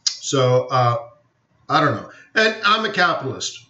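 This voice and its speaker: A man's voice: medium pitch, big pitch swings, unhurried, pushed and bright. Rambling man on a lo-fi stream. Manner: rambling, opinionated, jokey, many fillers. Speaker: forex webinar host. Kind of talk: casual live-stream commentary. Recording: roomy, dull lo-fi stream audio.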